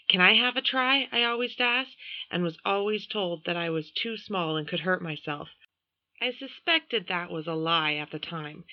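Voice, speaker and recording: A woman reading a first-person novel aloud as audiobook narration, in a measured, even storytelling manner, with a dull lo-fi recording. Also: lowish voice, dry recording. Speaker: audiobook reader.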